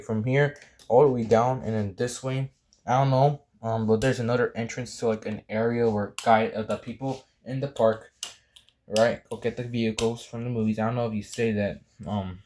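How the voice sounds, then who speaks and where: This drawing tutorial creator, a young man with a mellow mid-range voice, keeps up a casual chat while he sketches. His talk wanders, with apologies, fillers, and false starts throughout.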